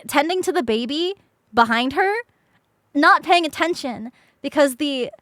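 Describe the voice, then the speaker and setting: A woman's voice: sits high, fairly bright tone, no echo, studio quality. A young woman streamer telling a story casually to her chat, laughing often and swearing freely.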